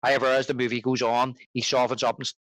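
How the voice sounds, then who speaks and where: A man's voice: mid-range voice, little pitch movement, fast, a bit bright, no room sound, poor audio. A man co-hosting a film podcast, chatting casually and enthusiastically, often restarting his sentences. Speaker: podcast co-host.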